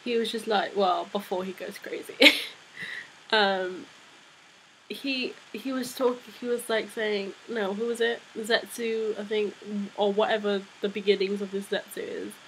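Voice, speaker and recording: A young woman talks through a comic chapter in a casual fan vlog, rambling and excitable with lots of fillers. She sounds a little unwell, her voice slightly off, and her pitch sits in an ordinary middle range. A faint hiss of noise runs under her voice. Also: unhurried, low-quality recording. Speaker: manga reviewer.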